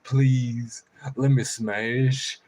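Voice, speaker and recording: A man doing a slow, begging crow. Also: medium pitch, level tone, heavy background noise. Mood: pleading. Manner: slow, drawn-out pleading. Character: pleading crow begging to mate.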